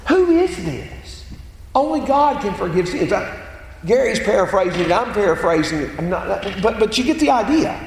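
A man preaching a sermon, speaking emphatically and quoting scripture aloud. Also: sits high. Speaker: pastor. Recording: echoey hall with faint ambient noise.

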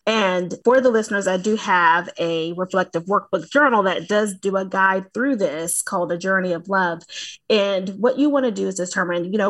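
A woman's voice: mid-range voice, fairly bright tone. Southern woman, confident coach. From American South. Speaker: guest, entrepreneur and coach. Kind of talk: casual interview.

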